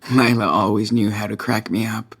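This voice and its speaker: Weary teenage runaway in a video game, husky, gravelly, quiet wry monologue. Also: male voice, lowish voice, level tone, normal speed. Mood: wistful. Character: teenage boy on the run, weary.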